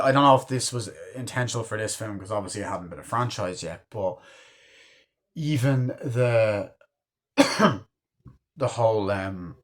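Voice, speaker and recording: A young man casually reviewing a film, rambling with lots of fillers and frequent swearing. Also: lowish voice. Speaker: movie reviewer.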